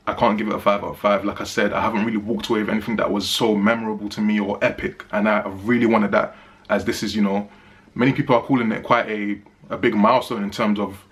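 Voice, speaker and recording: Chatty low-voiced male movie reviewer. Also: fairly bright tone. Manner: chatty, emphatic, repeats phrases for stress. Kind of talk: casual spoken review.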